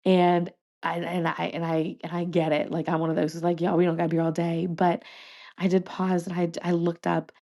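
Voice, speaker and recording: A woman's voice: lowish voice, level tone, fairly quick, gravelly, mellow. A woman, hosting a podcast and telling a personal story in a chatty, emotional way, laughing and restarting often. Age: 30s. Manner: addresses listeners as y'all and you guys. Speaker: podcast host.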